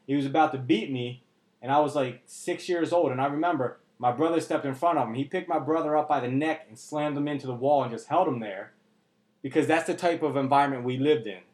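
A man's voice: mid-range voice, a little fast, a little mellow. Earnest man talking candidly, roomy echo. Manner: earnest, emotional, blunt with swearing. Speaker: podcast co-host. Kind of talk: candid podcast conversation.

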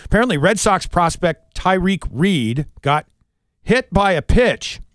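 A man hosting a morning radio show, bantering with a co-host and reading the weather and sports in a quick, lively newsreader style from a studio mic. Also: high-pitched, no echo. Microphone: studio microphone.

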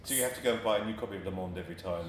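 A man interviewing a guest in casual chat, putting in brief reactions and a quick question. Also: lowish voice, echoey room, slight background noise.

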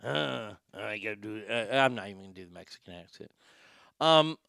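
A man's voice: on the low side, animated, fairly quick, gravelly, pushed and bright, clear, resonant tone, dry recording, studio quality. A man hosting a show, telling crude news stories in a sarcastic, joking way. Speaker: host. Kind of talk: casual comedic news commentary.

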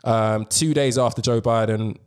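Animated man hosting a podcast. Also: mid-range voice, normal speed. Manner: animated, swearing, slangy. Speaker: podcast host. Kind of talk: casual podcast chat.

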